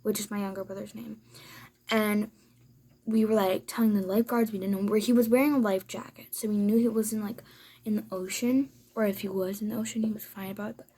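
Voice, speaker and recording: A woman with a mid-range, mellow voice and a breathy edge talks fairly quickly with fairly even intonation. She's a vlogger chatting casually in her room for a storytime video, rambling with plenty of fillers and now and then slipping into a whisper.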